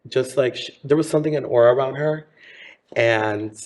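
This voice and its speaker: A man's voice: mid-range voice, moderate pace, darkish tone. Man, 30s, drag performer guest, campy and chatty, mid-range voice. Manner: campy, chatty, says honey. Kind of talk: casual interview chat.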